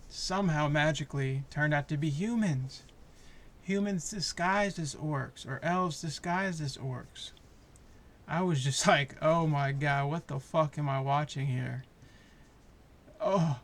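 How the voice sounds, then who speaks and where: A man giving a heated, profane, passionate review of a show, talking in a casual rant. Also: on the high side.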